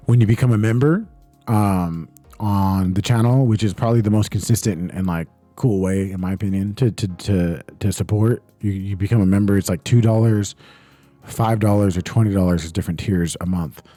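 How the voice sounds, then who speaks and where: Laid-back young man, low mellow voice. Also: moderate pace, no echo, faint music behind. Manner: laid-back, loose, swears often, reads chat aloud. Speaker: livestream host. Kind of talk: casual livestream chat. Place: home streaming setup.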